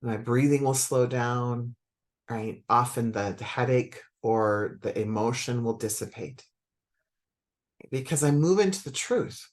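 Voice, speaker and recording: A woman's voice: extremely low pitch, unhurried, a little mellow. Chatty woman spiritual coach. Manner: conversational, many fillers and self-corrections. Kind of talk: reflective talk to an audience.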